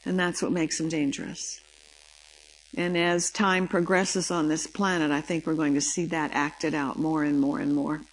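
Older female lecturer, lowish voice, animated storyteller who acts out the dialogue. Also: normal speed, low-quality recording. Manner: lively anecdotal storytelling, acting out dialogue. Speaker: speaker giving a talk on the brain.

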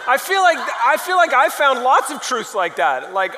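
A man preaching a sermon, telling a story in a lively, rambling way and often poking fun at himself. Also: very high voice, moderate pace, noisy background. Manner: animated, rambling and self-mocking. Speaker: pastor. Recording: long hall reverb.

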